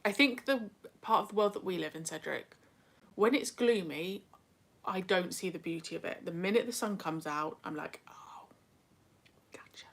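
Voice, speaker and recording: A woman's voice: lowish voice, normal speed, gravelly. A young British woman hosting a casual livestream, reading chat and talking with self-deprecating asides. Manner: chatty, self-deprecating, drifts into whispers.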